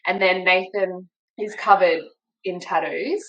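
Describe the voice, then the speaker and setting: A woman's voice: lowish voice, steady tone, a little slow, sharp tone, muffled recording. A young Australian woman, a podcast guest, telling her story in a casual interview and acting out the people she quotes.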